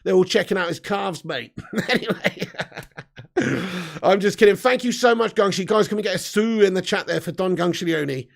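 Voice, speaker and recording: A man in his thirties hosting a live football fan stream, joking, laughing and shouting out viewers. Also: high-pitched, normal speed, gravelly. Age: 30s. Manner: laughing, jokey, loud shout-outs. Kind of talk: casual live-stream banter.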